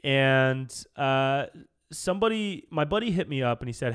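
A man hosting a solo podcast, telling a story in a casual, animated, jokey way. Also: medium pitch, moderate pace, smooth. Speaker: podcast host.

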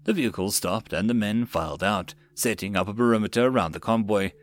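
A man reading a web novel audiobook in a plain, steady narrating manner with occasional slips. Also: on the low side, brisk.

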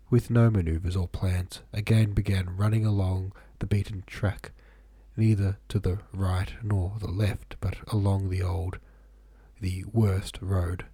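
Stuffy, nasal low-voiced man reading. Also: slightly rough, no room sound. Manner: calm, measured reading. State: stuffy head cold, nasal. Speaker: podcast host reading a novel aloud. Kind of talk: audiobook-style reading.

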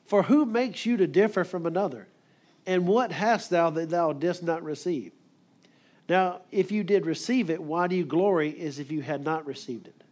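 A man preaching a sermon, emphatic, moving quickly and acting out quoted voices. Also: on the high side, darkish tone.

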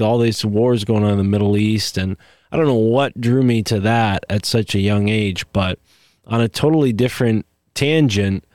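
A man's voice: on the low side, darkish tone, no echo, studio quality. A man hosting a podcast, chatting casually and rambling through tangents with many asides. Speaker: podcast host. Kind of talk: casual conversation.

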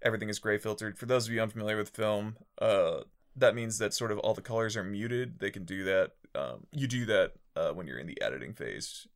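Low-voiced man rambling on a podcast. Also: a little fast. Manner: rambling, filler-heavy recap with frequent restarts. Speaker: podcast co-host. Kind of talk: casual podcast chat.

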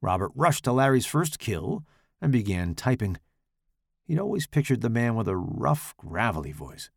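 A man narrates horror fiction with dramatic, expressive delivery and a gravelly edge to his voice. His pitch moves in a lively way, and the recording is close and dry. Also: normal speed, dry recording. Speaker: author and podcast host.

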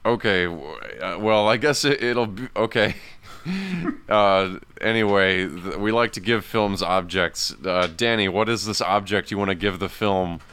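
A man leads a podcast segment in casual chat. His voice is very low and smooth, with a resonant ring. He stumbles and restarts wryly as he moves things along. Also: measured pace, a bit bright. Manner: hesitant, self-interrupting, wry.

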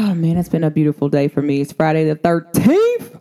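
Lively chatty woman vlogger. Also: sits low, moderate pace, slight background noise. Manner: animated, laughs often, chatty and playful. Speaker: vlog host. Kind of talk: casual chat vlog.

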